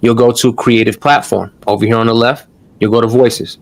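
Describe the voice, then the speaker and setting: Male host, casual live-stream teacher, loose and profane, mid-pitched voice. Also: steady tone, a little fast, creaky. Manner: loose and chatty, swears, calls the audience "y'all". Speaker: online course host.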